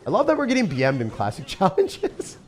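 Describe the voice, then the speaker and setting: A man chatting excitedly while live-streaming a mobile game, often laughing and talking to his viewers. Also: high voice, fairly quick. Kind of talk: live-stream gameplay chat.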